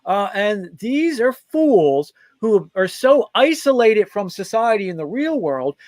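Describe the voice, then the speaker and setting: A man's voice: high voice, sing-song, slow pace, darkish tone, no room sound. A man hosting a political talk show, giving mocking, opinionated commentary that rambles and restarts often.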